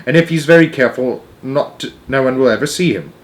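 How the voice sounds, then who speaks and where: A man's voice: mid-range voice, quick pace, natural voice. A man voicing a clever young boy who has been turned into a mouse, speaking earnestly, in a storybook reading.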